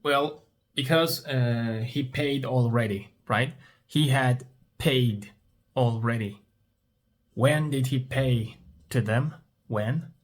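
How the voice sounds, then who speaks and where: This is story-based English practice led by a male Turkish native speaker who repeats each story question and then responds to it himself. He has a medium pitch, speaks slowly, and pauses often.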